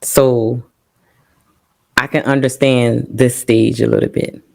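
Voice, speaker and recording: A middle-aged woman, appearing as a guest on a podcast or talk show, shares an emotional personal testimony while trying not to cry. Her bass voice is creaky and darkish, moving slowly with little change in pitch. She holds back tears and fills her speech with many fillers.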